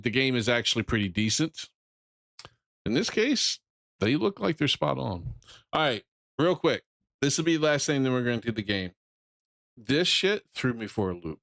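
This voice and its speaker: A man's voice: mid-range voice, fairly bright tone, no echo. A middle-aged man streaming games, chatting bluntly and rambling with casual profanity.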